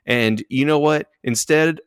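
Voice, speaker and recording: A man's voice: a little high, clear, resonant tone, no room sound. Frustrated, swearing man, dry sound. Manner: profane, frustrated, drawn-out analogies. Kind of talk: heated casual sports talk.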